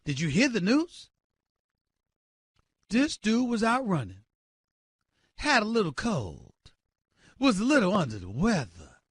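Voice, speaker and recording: A man hosting a sports talk show, ranting loudly and emphatically with incredulous exclamations and direct calls to his listeners. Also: high-pitched, wildly swooping pitch, unhurried, long pauses, slightly rough, no echo. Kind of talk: sports radio rant.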